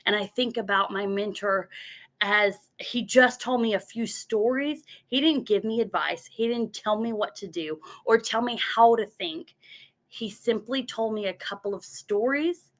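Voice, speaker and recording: A woman's voice: medium pitch, unhurried. A woman giving a motivational talk from her notes, earnest, repeating words as she goes and acting out her own inner voice.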